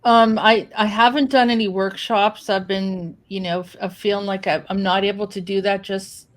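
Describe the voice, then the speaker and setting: A woman answers a host's questions on a podcast. She talks at a middle pitch in a flat, even tone, pausing and restarting often as she works out her answers. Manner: hesitant, many ums and restarts. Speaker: podcast guest. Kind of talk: casual interview answers.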